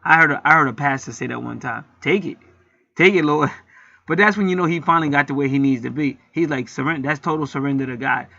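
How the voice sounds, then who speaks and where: A man hosts his own channel and rants in a heated, preachy way, full of profanity. His voice is gravelly and sharp-edged, a little higher than most men's. The sound is dry and dull, like a lo-fi home recording. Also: fast talker, no room sound. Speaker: channel host. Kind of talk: casual rant to camera.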